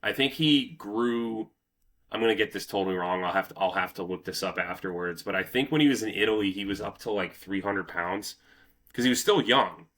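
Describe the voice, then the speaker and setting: A man hosting a casual history podcast, telling the story in a loose, profane, animated way. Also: on the low side, fairly quick. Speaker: podcast host.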